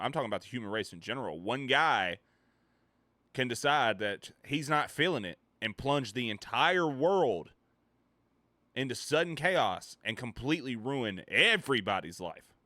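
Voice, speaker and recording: A man streamer ranting in casual chat, animated, swearing and laughing between points. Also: mid-range voice, normal speed, no room sound. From United States.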